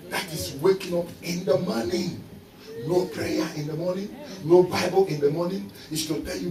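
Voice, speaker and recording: A man preaches in a fairly high voice, animated and often breaking into shouts as he tells stories. He sounds a little distant, in an echoey hall, and a congregation is heard responding. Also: brisk, background noise. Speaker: visiting pastor. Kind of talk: sermon with humorous storytelling.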